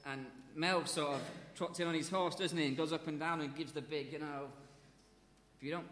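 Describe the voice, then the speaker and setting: Lively man preaching in a hall. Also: fairly high pitch, brisk. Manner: lively, jokey, acts out crowd voices. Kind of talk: sermon. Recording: long hall reverb.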